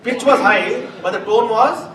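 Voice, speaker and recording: A man teaching a live chanting class, animated and laughing often as he acts out examples. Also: sits high, unhurried. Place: classroom hall. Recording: roomy, distant mic, noisy.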